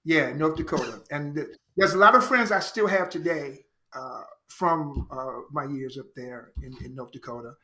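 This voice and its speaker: A man from Chicago, a podcast guest, telling his life story in an earnest, animated way and repeating phrases for emphasis. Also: fairly high pitch, normal speed, hardly any pauses. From Chicago, United States. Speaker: podcast guest, actor and writer. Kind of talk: reflective personal storytelling.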